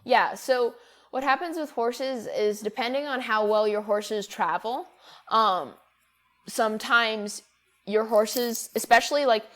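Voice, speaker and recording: Her voice is mid-range and a bit bright. Co-hosting a podcast, the young woman chats in a loose, rambling way, frequently restarting and leaning on fillers.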